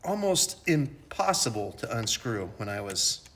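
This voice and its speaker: A man's voice: mid-range voice, very animated, a little slow, fairly bright tone. A middle-aged man chatting casually while working in his home garage, joking and poking fun at himself. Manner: joking, self-mocking, rambling. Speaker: hobby mechanic host.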